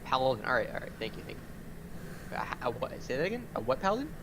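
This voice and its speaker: A man's voice: medium pitch, sing-song, fast, creaky, background noise. A man playing in a casual tabletop role-play game, joking and rambling. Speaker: player.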